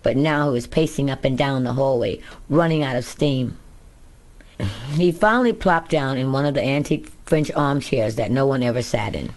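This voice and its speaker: A woman's voice: a bass voice, normal speed, a little mellow. A woman narrating her own memoir as an audiobook in a candid, first-person storytelling manner. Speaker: author reading her memoir.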